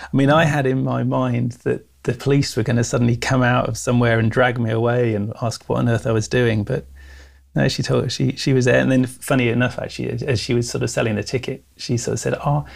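A man, a guest telling his story in a relaxed interview. His voice sits at a middle pitch with a gravelly fry at the edges. He tells it in a lively way and acts out the voices of the people in it. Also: a little fast. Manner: animated, laughs often, acts out quoted voices.

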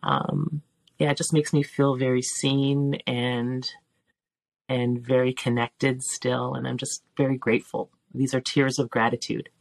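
Middle-aged woman guest, gravelly low voice, dry close sound, heartfelt and halting. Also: little pitch movement, dry recording. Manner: earnest, emotional, with frequent um and restarts. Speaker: interview guest, teacher and filmmaker. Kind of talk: reflective heartfelt conversation.

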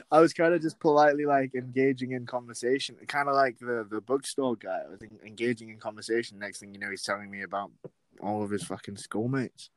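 A man's voice: medium pitch, expressive, fairly quick, no room sound. A young man with a West Yorkshire accent, telling a story in rambling, casual podcast chat full of fillers. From West Yorkshire, England. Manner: rambling, many fillers and laughs. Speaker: podcast host.

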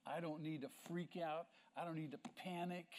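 A man's voice: a little high, fairly even intonation, normal speed, darkish tone, slight background noise. A male pastor preaching a sermon with emphasis, asking the congregation rhetorical questions.

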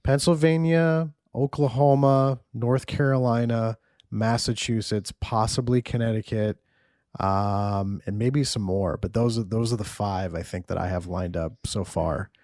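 Male podcast host, deep-ish, casual and profane, dry mic. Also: fairly even intonation, a little slow, a little mellow, no echo. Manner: loose and profane, laughs often.

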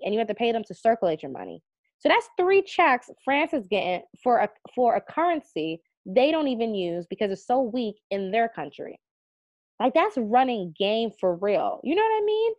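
A woman's voice: on the high side, darkish tone, dry recording. A woman in a casual podcast chat as a guest, talking earnestly and chattily with lots of fillers. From United States. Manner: chatty, earnest, heavy use of "like". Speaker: magazine CEO and editor, guest. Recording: dull, slightly muffled audio.

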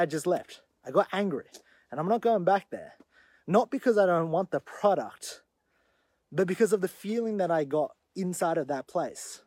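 A man hosting his own show, telling a story in an animated monologue that grows loud when he retells the confrontation. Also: fairly high pitch, no echo. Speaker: podcast host.

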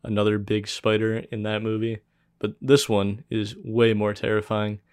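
A man co-hosting a casual podcast, recapping a film in a laid-back, even-toned way. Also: on the low side, normal speed, clear, resonant tone, no echo, studio quality. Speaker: podcast co-host.

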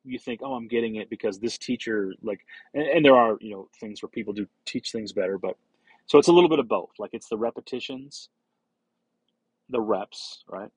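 A man's voice: on the low side, a little fast, slightly rough, dry recording, low-quality recording. A man hosting a solo podcast, talking casually in a rambling way with many fillers, restarts and casual swearing. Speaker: podcast host.

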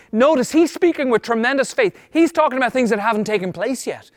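High-voiced man preaching emphatically. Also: expressive, no room sound, studio quality, long reverb tail. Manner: emphatic preaching, shifting between slow stress and quick bursts. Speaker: pastor. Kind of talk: sermon.

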